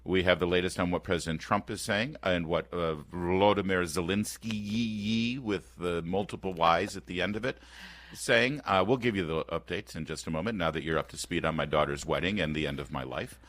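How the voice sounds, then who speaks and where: A man in his fifties hosting a radio talk show, chatting in an animated, opinionated and sarcastic way, often restarting his sentences. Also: low-pitched, fairly quick, dry recording. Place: radio studio. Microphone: close studio microphone.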